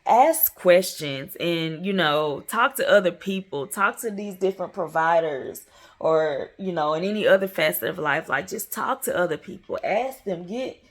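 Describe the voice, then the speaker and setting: Young woman vlogging, kinda low voice, rambly and emotional, keeps saying y'all. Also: animated, moderate pace, fairly bright tone. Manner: candid, rambling, addresses viewers as y'all. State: emotional, close to tears. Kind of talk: casual confessional vlog.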